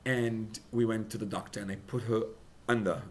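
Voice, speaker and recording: Impassioned young rabbi, swings loud and soft. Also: male voice, on the low side, steady tone, moderate pace. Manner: emotional, building to loud emphatic peaks; mixes in Hebrew and Yiddish terms. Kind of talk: sermon at a farbrengen gathering.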